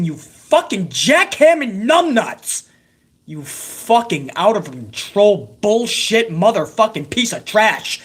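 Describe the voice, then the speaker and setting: A man's voice: high voice, big pitch swings, measured pace, breathy edge. Male host, profane ranting recap, sarcastic and heated. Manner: heated, sarcastic, heavy swearing. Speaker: wrestling show host.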